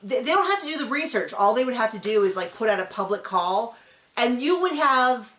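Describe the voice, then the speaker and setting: A woman's voice: fairly high pitch, very animated, fairly quick, a bit bright, roomy sound. A woman hosting a casual TV recap, chatting in a sarcastic, filler-heavy way. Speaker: recap show host.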